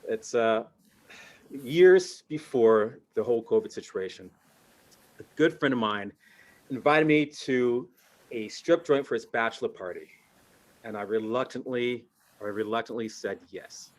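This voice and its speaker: A man performing stand-up comedy over a video call, telling stories animatedly and jumping into character voices. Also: mid-range voice.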